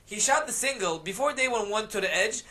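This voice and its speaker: A man and mixed martial arts fighter, telling an animated story in casual podcast chat and laughing often. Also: high voice, quick pace.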